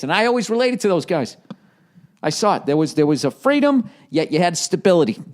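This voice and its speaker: Ranting, animated podcast host. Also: male voice, high voice, a little fast. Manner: profane, ranting, jumps into mocking put-on voices. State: has a cough. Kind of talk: solo comedic podcast rant. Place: home office with some echo. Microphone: studio headphones and recorder.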